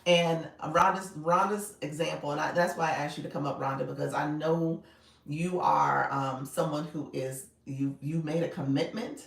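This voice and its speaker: A woman's voice: deep voice, fairly even intonation, moderate pace, creaky, reverberant, recorded from a distance, poor audio. Female live coach, casual and friendly with viewers, sits back from the mic. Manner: chatty, greets viewers by name, laughs often. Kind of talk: casual livestream chat.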